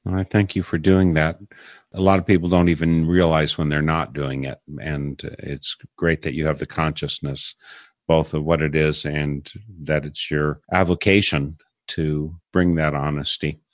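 Very deep-voiced radio interviewer, man. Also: little pitch movement, no echo, clean studio sound. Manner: measured, thoughtful, asks probing questions. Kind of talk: broadcast interview.

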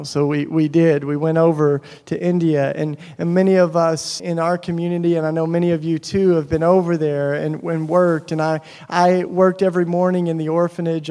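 High, gravelly man telling stories. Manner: animated, acts out the voices in his stories. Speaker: speaker at a faith gathering. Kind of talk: personal storytelling talk. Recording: long hall reverb.

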